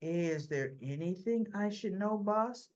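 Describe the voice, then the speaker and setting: Woman doing a nervous male henchman, quiet, hesitant, slow, lo-fi. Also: mid-range voice, lively intonation. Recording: dull lo-fi recording.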